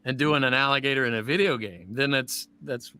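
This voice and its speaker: A man's voice: mid-range voice, fairly quick, pushed and bright, clean tone, soft background music. A man, a voice actor, chatting casually on a livestream while signing prints, rambling and joking.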